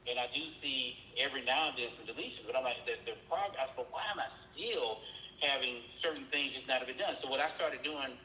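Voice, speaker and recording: A man spins a long personal story in a bright, forceful voice. His pitch leaps when he acts out his own exasperation. The sound is roomy with a faint hiss behind it. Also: a little fast. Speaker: caller telling his experience. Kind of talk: casual storytelling on a group call.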